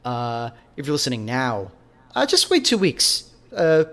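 A man's voice: medium pitch, big pitch swings, unhurried, a bit bright. A man co-hosting a podcast in casual chat, rambling, swearing and correcting himself as he goes. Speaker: podcast co-host.

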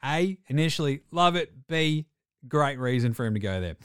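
Man, podcast co-host, casual sports chat, sweary, slightly raised pitch, dry close sound. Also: lively intonation, a bit bright, clean tone, no room sound. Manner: swears freely, acts out coaches in quick asides.

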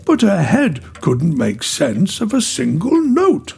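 A man narrating a children's story in a slow, expressive, gentle way. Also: on the high side, vocal fry, husky.

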